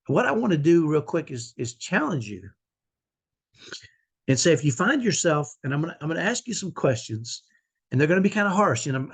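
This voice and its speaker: A middle-aged vlogger and autism parent opens up to his audience in a heartfelt personal video. His husky voice sits somewhat high, he keeps restarting sentences, and the emotion leaves him near tears.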